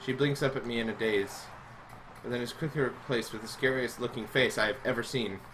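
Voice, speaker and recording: A man's voice: mid-range voice, steady tone, brisk, noisy background. A man reading a visual novel aloud, dramatic and full of sarcastic asides. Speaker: game reader.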